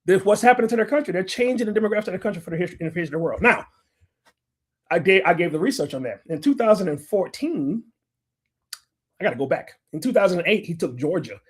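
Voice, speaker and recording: A middle-aged man hosts a livestream and lectures his viewers in a combative, profane tone. His voice sits fairly high for a man. He argues hard and curses freely. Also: animated, fast, husky. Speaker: livestream host. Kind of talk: ranting livestream commentary.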